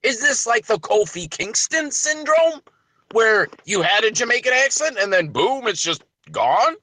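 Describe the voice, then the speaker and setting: Male podcast host, high bright voice, emphatic ranting delivery. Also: very animated, unhurried, dry recording. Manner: emphatic, ranting rhetorical questions. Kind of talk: wrestling podcast commentary.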